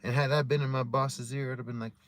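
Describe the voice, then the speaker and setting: A man's voice: medium pitch, little pitch movement, quick pace, a little hiss or hum. A man casually telling stories to his livestream audience in a rambling, heavily profane way while drinking a beer. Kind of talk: casual storytelling chat to a live audience.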